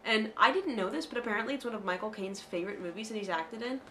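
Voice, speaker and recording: An American woman co-hosting a casual podcast, chatty and animated, with many fillers. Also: mid-range voice, fast talker, a little hiss or hum. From United States. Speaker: podcast co-host. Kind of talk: casual chat.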